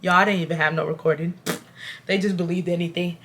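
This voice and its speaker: A woman in her twenties from Houston, Texas, telling a storytime to camera in an animated, casual way and often calling her viewers "y'all". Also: on the low side, fast, a little hiss or hum. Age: 20s. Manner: animated, addresses viewers as "y'all", acts out quotes.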